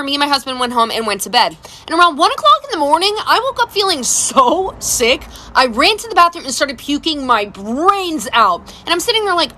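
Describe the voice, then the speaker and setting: A woman's voice: high voice, a little hiss or hum. A woman in her thirties casually telling funny family stories, acting out the people she quotes and laughing often. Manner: animated, acts out quoted voices, laughs often. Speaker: storyteller. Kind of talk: casual storytime monologue.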